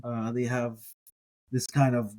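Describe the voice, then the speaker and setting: A man's voice: mid-range voice, little pitch movement, slow pace, a little mellow. A man co-hosting a podcast, reading an ancient text aloud and lingering on how its sounds echo each other. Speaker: co-host biblical scholar. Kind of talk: reading and explaining Greek pronunciation.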